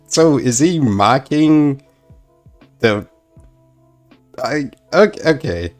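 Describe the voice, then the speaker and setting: Slow-talking man making dry asides. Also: a little high, very animated, faint music behind. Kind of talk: casual chat.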